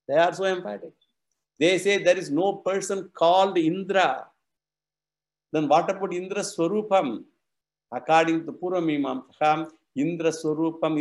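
A man with an Indian English accent giving a scriptural lecture, asking the class questions and answering them himself. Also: a little high. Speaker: Vedanta teacher.

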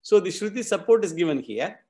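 A man's voice: high-pitched, expressive, brisk, warm tone. A man teaching a scripture class, methodically repeating and explaining Sanskrit terms.

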